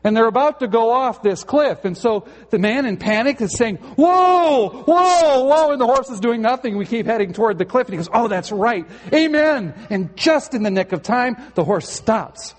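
A male pastor preaches a sermon in a church sanctuary in an earnest, conversational style with a touch of storytelling humor. His high-set voice moves a little fast with few pauses, and the recording carries a long hall reverb.

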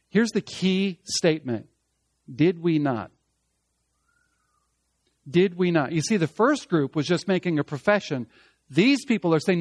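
High-pitched guy preaching a sermon, gets loud then drops to a hush, dry close sound. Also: lively intonation, normal speed, no echo. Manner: emphatic preaching, swinging between loud and hushed. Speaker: pastor.

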